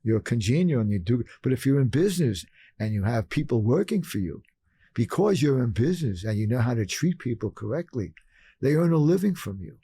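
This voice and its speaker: A man's voice: medium pitch, sing-song, brisk, creaky, dark tone, husky, dry recording, clean studio sound. An older man from Brooklyn, telling stories emphatically as a podcast guest and repeating phrases for effect. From Brooklyn, New York. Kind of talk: storytelling interview talk.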